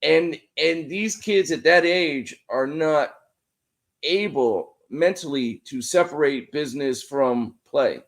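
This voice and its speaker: A man from Pennsylvania hosting a casual sports podcast, agreeing often with quick affirmations. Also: on the high side. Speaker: podcast host.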